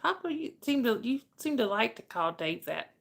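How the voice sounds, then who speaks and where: Brief: chatty woman hosting a livestream, laughing often, gravelly voice. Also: a little high, sing-song, moderate pace. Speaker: livestream host. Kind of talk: casual chat with viewers.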